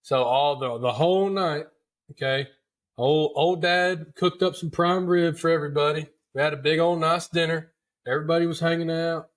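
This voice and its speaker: A man hosting a podcast tells a hunting story in a chatty, folksy manner, repeating words and calling his listeners "dude." His voice is fairly high, with fairly even intonation and a moderate pace.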